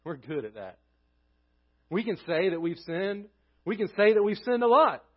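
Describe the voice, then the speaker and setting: Pastor, male, high voice, earnest sermon delivery, trailing off low at line ends, muffled lo-fi sound. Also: animated, normal speed. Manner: earnest preaching, voice dropping low at phrase ends.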